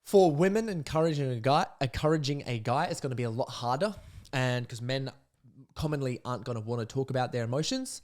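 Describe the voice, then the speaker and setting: Fast-talking blunt man coaching. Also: mid-range voice, animated. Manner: blunt and profane, jokes, acts out sample dialogue. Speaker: podcast host, men's coach. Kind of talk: casual coaching monologue.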